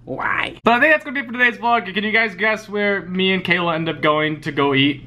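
A man vlogging casually at home, chatting to viewers and cooing at his puppy in a higher, sing-song voice. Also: brisk, hardly any pauses, sharp tone. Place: home living room.

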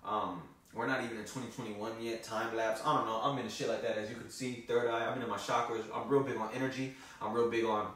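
A man's voice: medium pitch, fairly even intonation, fast, hardly any pauses, a bit bright. A man telling a story in a loose, profane, casual vlog style. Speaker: vlogger. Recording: echoey, from far off the mic.

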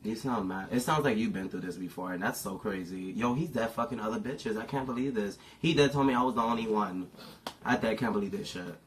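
A man's voice: lowish voice, a little fast, slight background noise. A young man doing prank calls, dramatic, chatty and crude. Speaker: prank caller. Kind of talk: prank call banter.

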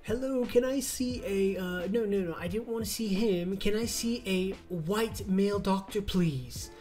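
A man voicing a fussy, demanding male patient in a deliberately poor British accent. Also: high-pitched, a little mellow, faint music behind, voice pushed up. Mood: snooty. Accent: poor put-on British.

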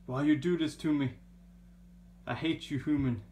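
A man voicing his annoyed female house cat, slow and sulky, complaining about the humans around her. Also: a little high, fairly even intonation, warm tone, slight background noise, lightly acted. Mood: grumbling.

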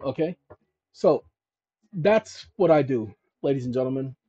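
A man hosting his own channel, walking viewers through legal paperwork on his screen in an emphatic way, often calling them "ladies and gentlemen" and checking in with "okay?". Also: medium pitch, animated, unhurried, breathy edge, no room sound. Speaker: channel host giving legal advice. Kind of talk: instructional screen-share talk. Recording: dull lo-fi recording.

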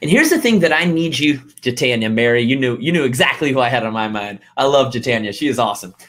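Male coach, motivational talk, lively pitch that swoops up and down, emphatic, repeats his points. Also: fast talker. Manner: emphatic, repeats key lines, acts out quotes.

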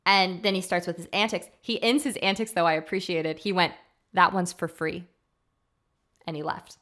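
A woman's voice: on the low side, moderate pace. A woman co-hosting a podcast, retelling a film scene by scene in casual chat, acting out the characters' lines with lots of filler words. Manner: animated retelling, acting out quotes, frequent fillers. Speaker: podcast co-host.

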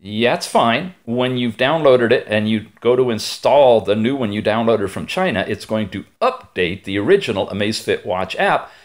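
Animated, chatty man reviewing gadgets. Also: on the low side, normal speed, hardly any pauses. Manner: chatty, animated, digressive asides, playful exclamations. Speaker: tech reviewer. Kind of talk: hands-on product review.

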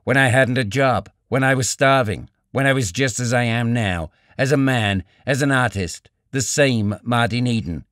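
A man voicing a bitter young male writer who argues in a cool, measured way, read in an audiobook. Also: mid-range voice, fairly bright tone, no echo, clean studio sound, close to an everyday voice. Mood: sharp. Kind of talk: audiobook character reading.

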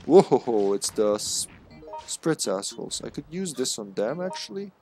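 A man giving live commentary while he plays a game, excitable and joking, swearing freely and calling out to his teammates. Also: medium pitch, a little slow, soft background music. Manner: jokey, laughs often. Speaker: streamer.

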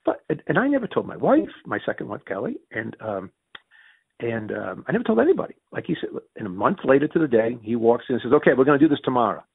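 A man with a Northern US accent, telling business stories as an interview guest, acting out the dialogue he recalls with quick restarts. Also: mid-range voice, gravelly, slightly rough, no room sound, phone-quality sound. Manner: lively storyteller who acts out quoted dialogue with restarts. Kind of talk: animated business storytelling.

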